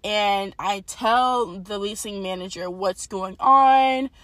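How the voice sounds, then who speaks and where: A young woman telling a personal faith testimony in a casual, animated storytelling way, talking straight to her viewers. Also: mid-range voice, takes it slowly, no room sound. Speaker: testimony speaker.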